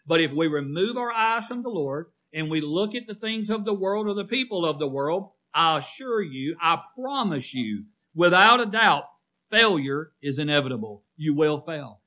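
A man's voice: on the high side, bright, forceful tone. A man preaching a sermon to his congregation, emphatic and repetitive, calling on listeners by name and asking them to answer back. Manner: emphatic, repeats phrases, calls on listeners by name. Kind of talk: sermon with congregation call-and-response.

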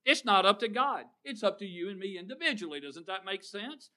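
A man's voice: sits high, animated, a little fast, sharp tone. A middle-aged man preaching a sermon, telling folksy stories and asking the congregation questions.

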